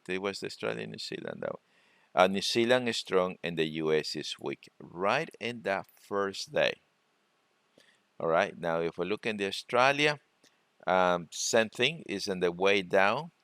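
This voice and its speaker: A man presenting a trading webinar, talking through charts in a halting way and often repeating words. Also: low voice, vocal fry, fairly bright tone, smooth, dry recording. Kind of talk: screen-share trading lesson.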